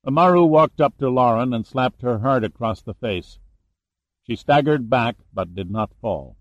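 A man's voice: mid-range voice, expressive, moderate pace, no room sound, muffled recording. Man narrating a thriller audiobook. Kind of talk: scripted narration.

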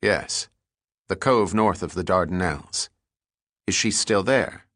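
A man's voice: sits low, unhurried, a bit bright, no room sound. A man voicing a dry, unflappable male seaman who answers with a wry tone.

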